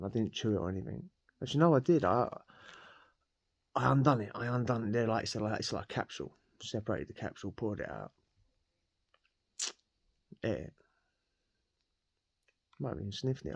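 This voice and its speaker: A man's voice: on the low side, a little mellow, dry recording. A man telling a rambling personal story in casual slang, laughing often. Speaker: podcast guest telling a prison story.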